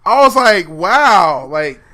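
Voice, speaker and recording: Animated high-voiced man. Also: moderate pace. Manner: animated, laughing, acts out incredulous quotes. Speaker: podcast co-host. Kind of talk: casual chat over a phone call.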